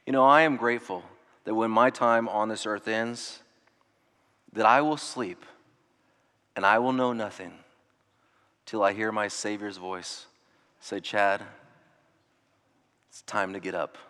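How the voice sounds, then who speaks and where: A man's voice: fairly low pitch, fairly even intonation, measured pace, long pauses, smooth. Man preaching earnestly in a reverberant hall. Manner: earnest, swings from hushed to emphatic. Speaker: pastor. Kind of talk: sermon.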